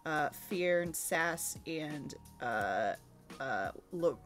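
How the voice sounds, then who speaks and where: A woman's voice: low voice, animated, drawn-out words, fairly bright tone, faint music behind. A woman co-hosting a podcast, recapping a tabletop game session in casual chat, often laughing and teasing her co-host. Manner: giggly, chatty, teasing.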